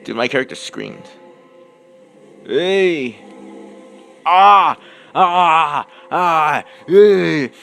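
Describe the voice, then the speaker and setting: A young man commentates on a horror game he's playing, speaking very slowly in a slightly high, pushed, bright voice with vocal fry and long pauses. Jumpy, he yelps and screams at scares and mutters to himself, with faint music behind.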